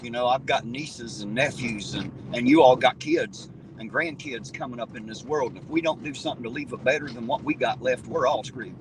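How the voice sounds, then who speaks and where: Against a noisy background, a man with a medium-pitched voice hosts a casual livestream, talking briskly with hardly any pauses. He reads his viewers' comments and responds bluntly and profanely, often starting his sentences again.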